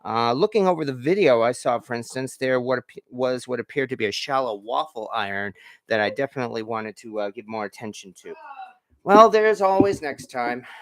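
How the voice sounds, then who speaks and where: A man's voice: mid-range voice, no echo, clean studio sound. A man hosting a home cooking show, chatting casually while he cooks, rambling and self-deprecating with corny puns. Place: home kitchen.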